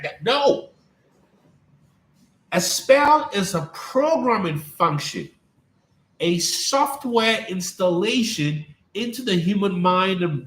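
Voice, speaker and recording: A man's voice: fairly high pitch, a bit bright, echoey room, a little hiss or hum, rough recording. A man hosting a live-streamed spiritual talk as a coach, speaking emphatically and repeating his points like a preacher, calling out to viewers by name.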